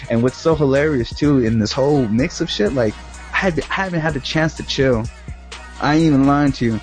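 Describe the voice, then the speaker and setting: A man's voice: mid-range voice, brisk, soft background music. A man chatting casually, rambling through a profane story and laughing often. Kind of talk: casual chat.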